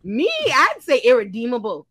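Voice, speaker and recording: A woman talking fast and loose on a podcast, her voice high and bright. She tells stories in slang and curses freely. She drops into low, muttered asides and then jumps up into loud, laughing shouts. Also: no room sound. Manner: animated, swings between low asides and loud shouting bursts; profane, slangy storytelling. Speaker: panelist. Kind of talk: casual podcast chat.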